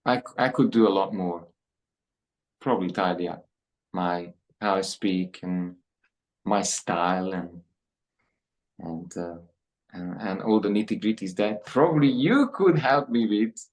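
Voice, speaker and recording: A man speaking as a podcast guest, reflective and a little halting as he talks. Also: deep voice, low-quality recording. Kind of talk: conversational interview.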